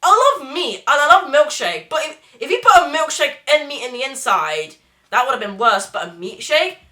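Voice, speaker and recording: A woman's voice: high-pitched, sing-song, moderate pace, sharp tone. A woman hosting a casual reaction video, rambling and laughing often.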